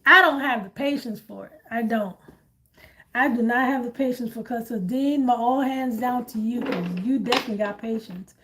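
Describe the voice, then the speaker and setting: A woman hosting a casual chat, animated and blunt, laughing often. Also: on the high side, moderate pace, a little hiss or hum. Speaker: host.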